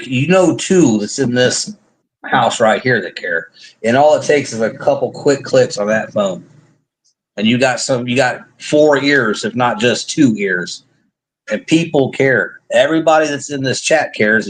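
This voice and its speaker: A man's voice: mid-range voice, low-quality recording. A man hosting a live faith testimony stream, talking in an earnest, rambling way with frequent restarts and light jokes. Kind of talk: casual heartfelt live chat. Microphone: online live stream.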